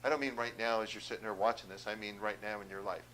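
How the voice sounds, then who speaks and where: A man with a fairly low voice speaks directly to the viewer, making a persuasive health pitch and checking in with quick questions. A faint hum runs underneath the recording. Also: fairly even intonation, bright, forceful tone, low-quality recording. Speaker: chiropractor. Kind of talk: health seminar talk to viewers.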